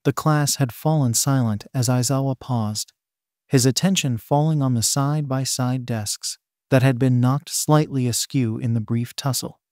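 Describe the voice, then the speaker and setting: A man reading fan fiction aloud in a steady, plain way, swear words and all. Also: mid-range voice, moderate pace, no echo, clean studio sound. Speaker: story narrator.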